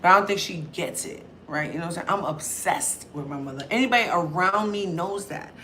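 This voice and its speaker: Loud, chatty young woman vlogger, bright voice. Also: fairly low pitch, fairly quick, slight background noise. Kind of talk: casual talk to camera.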